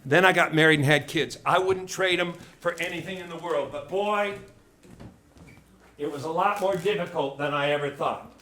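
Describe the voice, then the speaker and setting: A man's voice: a little high, moderate pace. A middle-aged man from Seattle doing a stand-up set, brash and mock-indignant, firing off punchy rhetorical questions. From Seattle, USA. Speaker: stand-up comedian. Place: comedy club stage before a live audience. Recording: loud crowd laughter and room noise.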